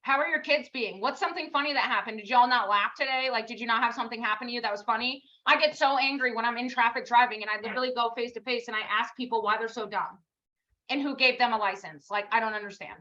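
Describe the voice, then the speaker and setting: Quick and fairly high-pitched, this woman's pushed, bright voice has its highs cut off. Leading her team in a live pep talk, she's blunt and scolding, throwing out rhetorical questions, swearing casually, and self-mocking in a casual motivational way.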